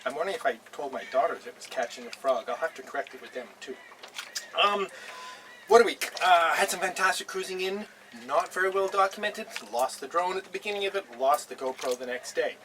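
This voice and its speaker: A man's voice: a little high, fast, bright, forceful tone, distant mic, a little hiss or hum, rough recording. Chatty older man, vlog host on a boat. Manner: chatty and easygoing, chuckling often. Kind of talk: casual beer-tasting vlog. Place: on a boat in a harbour.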